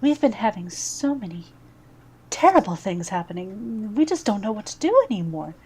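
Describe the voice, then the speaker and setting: A woman's voice: medium pitch, sing-song, moderate pace, dark tone, slight background noise. A woman voicing a worried, matronly older priestess who speaks anxiously and sometimes in a breathless half-whisper. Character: worried matronly older priestess, gray-haired head of temple.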